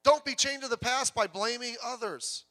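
A man preaching a sermon as pastor, in a lively, conversational way with jokes and quick self-repeats. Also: very high voice.

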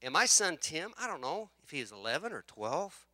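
A middle-aged man, a pastor, preaching a sermon in an animated, conversational way, firing off rhetorical questions. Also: a little high, brisk, dry recording, studio quality.

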